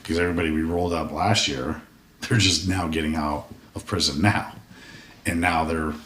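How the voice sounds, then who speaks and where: A very low-pitched man in his forties, recorded from a distance in a roomy space with a faint hiss behind him. He talks like a candid, profane veteran, telling his story casually and acting out his past thoughts in quick quoted asides. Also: steady tone, a bit bright. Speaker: podcast guest, military veteran. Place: podcast studio room. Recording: roomy sound from a distant mic with faint noise.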